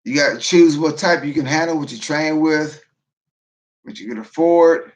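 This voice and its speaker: A man hosting a casual livestream, talking in a tired, low-energy way and often repeating and restarting his phrases. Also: moderate pace. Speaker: livestream host, veteran prepper.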